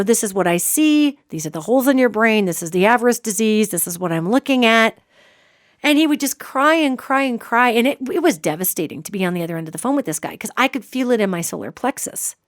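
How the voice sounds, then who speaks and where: A woman hosts a psychic radio show, telling a long story straight to her listeners. Her voice sits fairly high and sounds close and dry. She talks with emphasis and keeps checking in with the audience as she goes. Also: no room sound.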